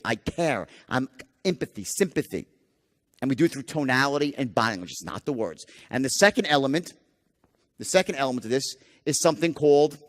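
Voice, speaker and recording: Man, sales seminar trainer, emphatic, swearing, rhetorical questions, long echoing hall reverb. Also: medium pitch. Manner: emphatic, profane, asks the audience rhetorical questions. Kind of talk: live motivational seminar lecture.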